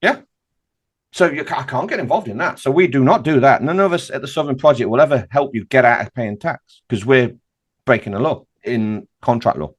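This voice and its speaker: A man's voice: medium pitch, brisk, husky. A man talking as a podcast guest in an emphatic, insistent way, firing off rhetorical questions. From United Kingdom. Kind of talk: animated podcast conversation.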